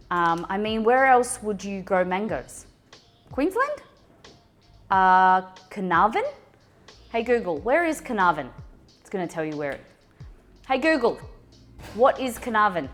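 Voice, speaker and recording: An Australian woman hosting a casual cooking livestream, chatty and excitable as she talks to her chat. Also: mid-range voice.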